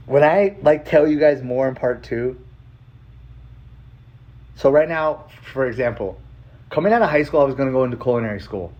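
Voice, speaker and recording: Guy vlogging a personal story, casual and rambly, swears a lot, gets excited, mid pitch, kinda muffled audio. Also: moderate pace, long pauses. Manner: casual, rambling, full of filler words and swearing; emotional and excited.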